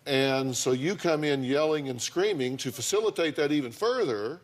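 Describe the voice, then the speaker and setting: A man's voice: fairly high pitch, normal speed, hardly any pauses. A man, a talk show host counseling a couple bluntly and sarcastically in front of a studio audience.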